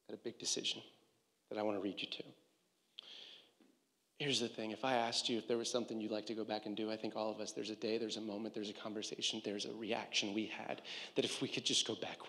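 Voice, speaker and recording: A man's voice: mid-range voice, fairly bright tone, big-room sound. A man preaching a sermon as pastor, retelling scripture in a casual, slangy way. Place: church.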